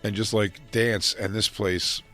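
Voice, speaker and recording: A man's voice: on the low side, fairly even intonation, measured pace, sharp tone, faint music behind. A man co-hosting a casual talk show, telling rambling, profane stories and acting out drunk people he met. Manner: rambling, profane, acts out drunk fans in raised voices. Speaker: podcast co-host. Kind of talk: casual chat, storytelling.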